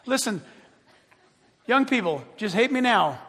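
A man preaching a sermon as pastor, animated and joking, acting out the voices of other people. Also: very high voice, unhurried, husky, long reverb tail.

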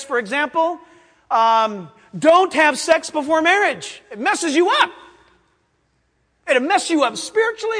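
A man preaching a sermon as pastor, animated, acting out voices and laughing as he teaches. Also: extremely high pitch. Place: church sanctuary. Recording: long reverb of a large hall.

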